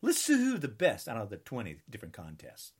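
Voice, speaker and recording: A man's voice: lowish voice, huge pitch swings, a little fast, slightly rough. A man in his sixties delivering an angry political rant, combative and taunting, with heavy repetition. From United States. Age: 60s. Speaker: political ranter.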